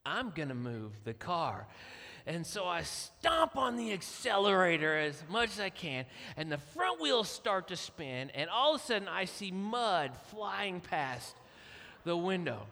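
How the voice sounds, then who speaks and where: A middle-aged man telling a family story from the pulpit as a guest speaker, acting out the quotes in an animated way. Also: high voice, measured pace. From Kentucky. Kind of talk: storytelling sermon. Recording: long hall reverb.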